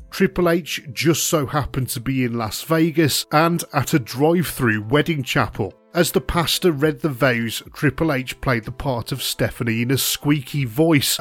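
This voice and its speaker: A man reading a scripted retrospective narration in a steady, even documentary manner. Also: mid-range voice.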